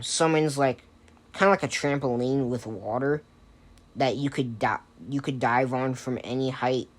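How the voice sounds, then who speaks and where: A man casually improvising a fan-fiction story aloud, hesitant with many fillers and restarts. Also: mid-range voice.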